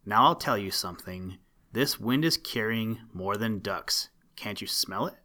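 A man doing a hoarse mallard drake. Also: fairly low pitch, lively intonation, unhurried, bright, forceful tone. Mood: gruff. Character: gruff good-natured male mallard drake.

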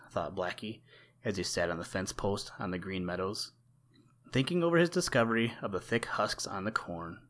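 A man with a low voice narrates a classic animal storybook. His reading is steady and measured, slowing down for chapter titles and little rhymes. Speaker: audiobook narrator.

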